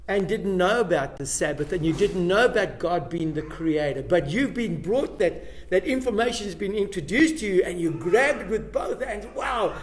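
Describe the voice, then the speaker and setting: A man teaching a Bible lesson to a seated class, emphatic and often putting questions to his listeners. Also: high-pitched.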